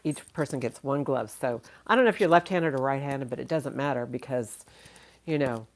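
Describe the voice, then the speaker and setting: A woman's voice: a bass voice, a little fast. A woman running a casual live-stream auction, chatty and thinking aloud, laughing often and a little tired. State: tired, yawning.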